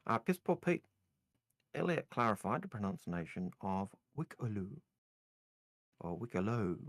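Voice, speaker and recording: Male co-host, very deep voice, laid-back, reads the chat questions. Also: very animated, normal speed, creaky, fairly bright tone, no echo. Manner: reads viewer questions aloud, brief agreeing replies. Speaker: co-host reading viewer questions. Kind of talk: casual podcast chat.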